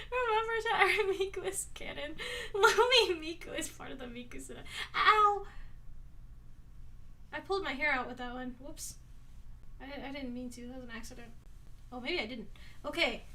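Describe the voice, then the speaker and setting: A woman's voice: high voice, normal speed, long pauses, pushed and bright, recorded from a distance. A woman livestreaming in a casual chat, giggling constantly and rambling while she fiddles with things off to the side. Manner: busy with her hands while talking, distracted. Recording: voice a bit off-mic.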